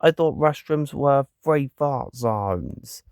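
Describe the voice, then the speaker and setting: A man's voice: medium pitch, expressive, takes it slowly, darkish tone, smooth, no room sound, clean studio sound, pitched above the performer's own voice. A man voicing a young boy who pleads his innocence in a comic strip. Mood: whiny. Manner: whiny, pleading excuses. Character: flustered young boy caught farting.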